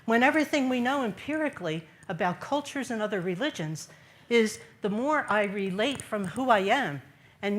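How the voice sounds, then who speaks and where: A woman's voice: mid-range voice, slight background noise. A woman giving an earnest faith talk to a gathered audience in a large room, repeating key phrases and putting questions to her listeners. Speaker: speaker at a church gathering.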